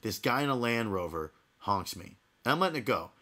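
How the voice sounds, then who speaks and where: A man's voice: fairly low pitch, big pitch swings, brisk, pushed and bright. A man co-hosting a podcast, telling a story in casual chat, fired up and repeating himself as he goes. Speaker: podcast co-host.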